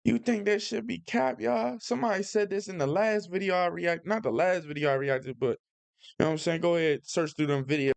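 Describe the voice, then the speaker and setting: A man's voice: high voice, brisk, gravelly, clear, resonant tone, dry recording. A young man hosting a reaction video, talking in a loose, profane, slangy way. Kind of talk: casual reaction commentary.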